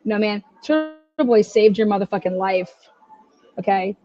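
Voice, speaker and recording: A woman's voice: mid-range voice, fairly even intonation, measured pace, mellow, muffled recording, faint music behind. A woman hosting a true-crime livestream, ranting angrily and swearing heavily as she gives her commentary. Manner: angry, profane ranting. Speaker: livestream host.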